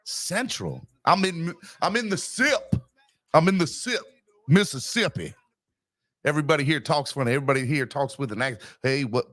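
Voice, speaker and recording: A man's voice: fairly high pitch, lively intonation, moderate pace, fairly bright tone. Hyped-up male sports podcast host. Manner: upbeat, hyped-up, promotional. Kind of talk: sports podcast morning show chat. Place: new room at home, still bare.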